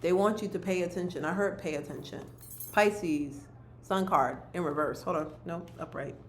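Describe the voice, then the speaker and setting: A woman's voice: lowish voice, normal speed, echoey room, slight background noise. A woman giving a monthly card reading to her viewers, speaking earnestly to them and repeating her key phrases. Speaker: spiritual card reader.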